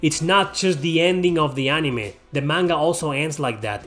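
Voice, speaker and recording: A man's voice: fairly high pitch, normal speed, few pauses, fairly bright tone, faint music behind. A man hosting his own channel, ranting heatedly and profanely to camera, often repeating himself. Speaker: YouTube host.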